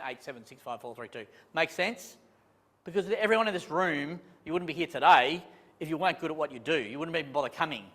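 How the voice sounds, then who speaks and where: A male property management trainer with a fairly high voice gives a live training talk to an audience in a conference room. He is chatty and animated, cracks self-deprecating jokes, and restarts often, all under a long hall reverb.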